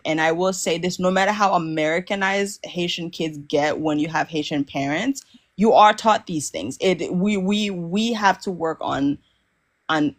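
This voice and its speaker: Thoughtful, hesitant woman on a panel. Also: on the low side. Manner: thoughtful, hesitant, with frequent fillers and restarts. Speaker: podcast panelist. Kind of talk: live podcast panel chat.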